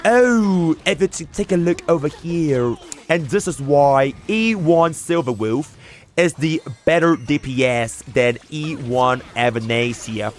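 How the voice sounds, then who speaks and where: A man's voice: a little high, takes it slowly, faint music behind. A man putting on a fancy mock-British accent to play a posh explainer lecturing about a game.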